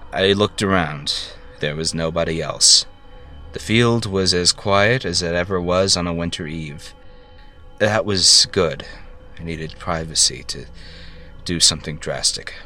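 Low-voiced man narrating a dark tale. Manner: halting, stammering self-corrections. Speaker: storyteller. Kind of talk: first-person story narration.

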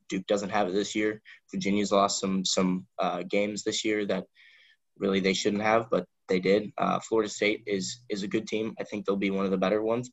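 A man's voice: sits low, vocal fry, dull audio. A man co-hosting a podcast, talking basketball in a rambling casual chat with many restarts. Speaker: podcast co-host.

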